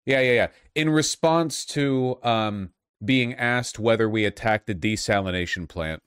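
A man's voice: on the low side, a little slow, fairly bright tone, smooth, no room sound, studio quality. A man giving casual reaction commentary on clips as a political commentator, profane and heated in his outbursts.

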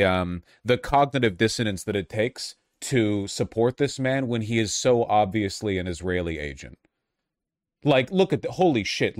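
A man reacting to clips in casual commentary, swearing and flaring up heatedly as he goes. His voice sits a bit low. The sound is dry and close, with no room around it. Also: no echo. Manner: profane, heated outbursts. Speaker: political commentator.

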